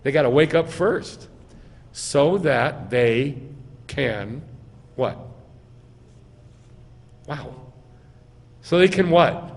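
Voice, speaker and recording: A man's voice: on the high side, lively intonation, very slow, vocal fry, pauses often. A man, a rabbi giving a sermon, who quizzes his congregation and answers his own questions with emphatic stress. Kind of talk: sermon teaching. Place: synagogue sanctuary. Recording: long reverb in a hall.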